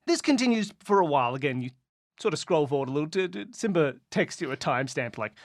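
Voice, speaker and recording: A man narrating a mystery game as game master, describing scenes in a lively, playful way. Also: a little high, quick pace, no echo, clean studio sound.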